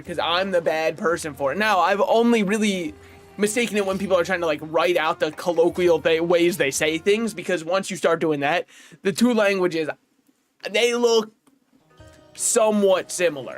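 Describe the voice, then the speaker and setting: A man streaming a video game, chatting casually in a rambling, opinionated way and chuckling often. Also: high-pitched. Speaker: gaming streamer. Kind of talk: casual livestream chat while playing.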